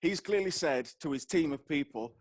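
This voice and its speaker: A man hosting a comedy podcast, joking and animated as he introduces clips. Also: on the high side, moderate pace. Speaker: podcast host. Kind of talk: casual comedic chat.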